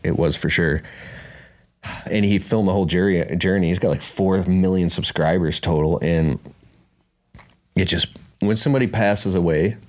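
A man's voice: low-pitched, moderate pace, pauses often, darkish tone. A man telling a rambling, emotional personal story in casual speech, saying "bro" and "dude". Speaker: speaker at a business conference.

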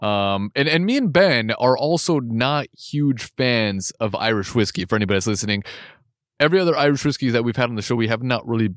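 A man co-hosts a casual drinks chat, joking and laughing easily. His pitch swings widely as he talks. The recording is close and dry. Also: expressive, a little fast, no room sound. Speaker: podcast co-host.

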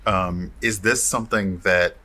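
A man playing a tabletop role-playing game, talking in a halting, thoughtful way. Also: low-pitched, steady tone, bright, forceful tone, a little hiss or hum. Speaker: player.

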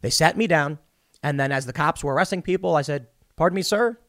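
A man's voice: a little high, quick pace, fairly bright tone, no echo, studio quality. A man delivering a blunt, opinionated commentary monologue straight to his viewers, retelling events with acted-out dialogue. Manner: blunt, talks straight to the viewer with a personal take. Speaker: political commentator.

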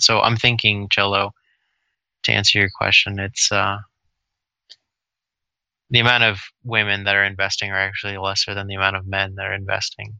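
A man co-hosting a podcast, chatting casually with rambling, animated storytelling. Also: fairly low pitch, normal speed, gravelly, pauses often, smooth, dry recording, poor audio. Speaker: podcast co-host. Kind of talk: casual chat.

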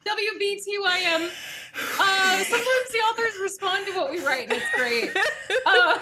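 A woman's voice: very high-pitched, moderate pace, noisy background. A woman co-hosting a comedic podcast, reading fan fiction aloud in a playful, giggly way. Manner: giggly, playful, reads lines in a deadpan narrator tone.

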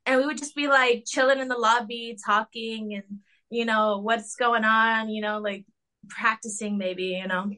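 A young woman speaks with a bright, slightly high voice in a loose, rambling way, leaning on "like" and "um". She throws in mocking high-pitched quotes as she tells her story over a video call. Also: fairly even intonation, normal speed. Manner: chatty, filler-heavy with lots of "like" and "um". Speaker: interview guest. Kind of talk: casual interview chat.

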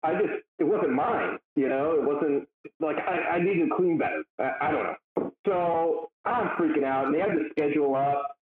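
A man, a former police detective, telling his story in a casual interview, animated, swearing freely and laughing as he goes. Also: on the high side, normal speed, a little hiss or hum. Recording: tinny phone-like sound, roomy echo.

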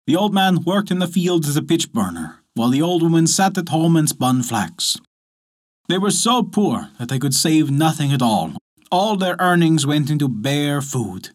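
Lively male storyteller. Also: fairly high pitch, moderate pace. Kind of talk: scripted narration.

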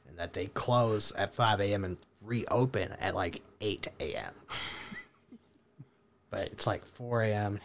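A young man telling a wild story casually, animated, laughing and swearing as he goes. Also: lowish voice, measured pace, gravelly, slight background noise.

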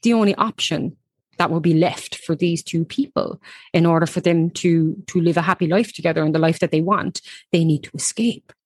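A woman's voice: on the low side, a little fast, slightly rough, no room sound. A woman hosting a casual podcast, telling a history story with chatty asides and giggles.

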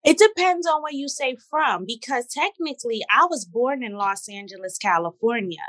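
A woman's voice: on the high side, normal speed, no echo. A woman in her thirties from Brooklyn with a New York accent, a guest talking casually and animatedly in an interview. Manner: animated, code-switching, laughs often.

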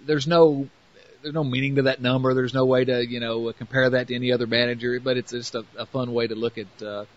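Fast-talking Southern man hosting a podcast. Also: mid-range voice, level tone, muffled recording. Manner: rambling, filler-heavy. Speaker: podcast host. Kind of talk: casual podcast chat.

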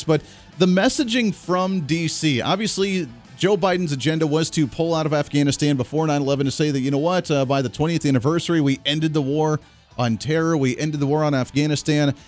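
A man hosting a political talk radio show, speaking in an emphatic, animated way that rises on key words. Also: a little high.

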